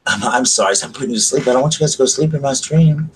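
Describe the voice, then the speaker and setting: A man, hosting a livestream and speaking quietly and slowly in a gentle ASMR murmur while reading aloud and chatting. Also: medium pitch, a little hiss or hum, rough recording. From South Carolina. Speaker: livestream host. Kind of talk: soft-spoken ASMR reading and chat.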